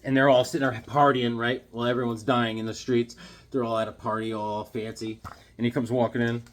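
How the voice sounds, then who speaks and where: A man's voice: mid-range voice, flat delivery, a little fast, slight background noise. A man chatting casually in a comic haul vlog, laid-back and full of slang. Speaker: comic book collector.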